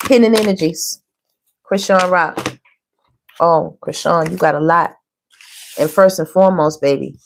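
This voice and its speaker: There's a little hiss or hum behind this low-pitched woman's voice. She's a middle-aged tarot reader chatting animatedly and casually with viewers, often laughing and addressing them as baby and girl.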